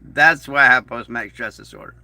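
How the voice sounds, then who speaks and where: A man hosting a casual livestream in a slow, rambling, folksy way, reading out viewer messages. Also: medium pitch, sharp tone, dry recording. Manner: slow, rambling, folksy, reads chat aloud. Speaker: YouTube channel host.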